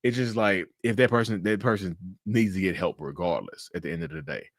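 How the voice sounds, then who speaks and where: A man hosts a casual interview at a brisk pace, and the audio has no echo. He talks loosely and swears, acting out his reactions with big leaps in pitch and laughter.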